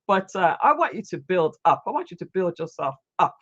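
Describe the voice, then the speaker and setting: A woman hosts a casual live stream, her pitch rising and falling in a lively way as she repeats her praise, restarting sentences and filling pauses. The sound is dull and lo-fi, like stream audio. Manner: warm, repetitive praise with frequent restarts and fillers. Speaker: host of a live online talk show.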